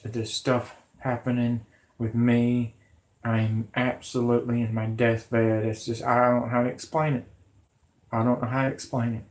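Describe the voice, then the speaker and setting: Hoarse man ranting agitatedly. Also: mid-range voice, level tone, normal speed, darkish tone. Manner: agitated, repetitive, pleading. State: hoarse, sick voice. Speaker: conspiracy vlogger. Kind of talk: rambling monologue to camera.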